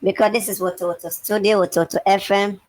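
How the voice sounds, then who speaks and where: Man using a voice changer, squeaky raised voice, playful livestream chat. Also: level tone, quick pace, low-quality recording. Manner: playful, chatty with viewers. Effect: pitch-raising voice changer.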